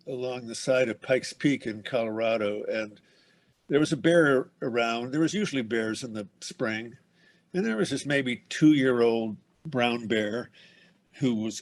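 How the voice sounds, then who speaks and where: A man hosting a book club, telling a rambling anecdote and laughing as he goes. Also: medium pitch. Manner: rambling, laughs through his story.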